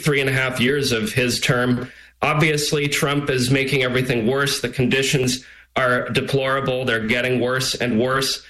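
A man, an immigration attorney, speaking as a guest in a news interview in a forceful, argumentative way. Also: medium pitch, low-quality recording.

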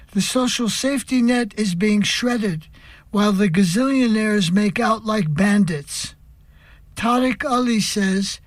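A male radio host reading a scripted introduction in a measured, deliberate way. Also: high voice, no room sound.

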